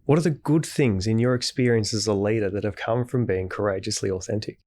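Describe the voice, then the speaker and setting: A man hosting a podcast, asking his guest measured, probing questions. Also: on the low side, darkish tone. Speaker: podcast host. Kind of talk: interview questions.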